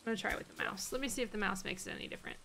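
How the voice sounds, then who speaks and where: A woman streaming live gameplay, chatting to her viewers, swearing freely and talking softly to her dog. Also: medium pitch, huge pitch swings, racing, gravelly, very noisy. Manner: swears often, chatty and exasperated; talks softly to her dog between game moments.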